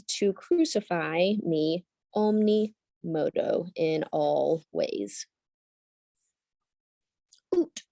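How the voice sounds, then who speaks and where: A woman's voice: on the low side, vocal fry, dark tone, no echo. A young woman teaching a Latin lesson, translating line by line and thinking aloud with frequent ums and self-corrections.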